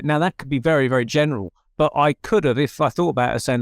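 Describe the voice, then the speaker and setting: Speaking fast with few pauses, a middle-aged podcast host with an English accent tells his own story conversationally, poking fun at himself and frequently starting over. The fairly high-pitched voice is studio quality, with no room sound.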